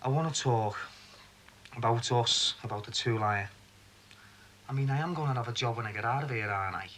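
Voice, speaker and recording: A man's voice: medium pitch, fairly quick, a bit bright, a little hiss or hum, lightly acted. An actor playing a frustrated bedbound man who sounds impatient and demanding. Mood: irritable. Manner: irritable, demanding. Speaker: bedridden partner. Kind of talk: TV drama acting.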